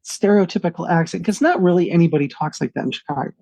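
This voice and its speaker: A man's voice: on the high side, fast, gravelly, dark tone, breathy edge, no room sound. A man co-hosting a film review podcast, chatting in a dismissive, sarcastic and jokey way. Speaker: podcast co-host, film critic. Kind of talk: casual chat.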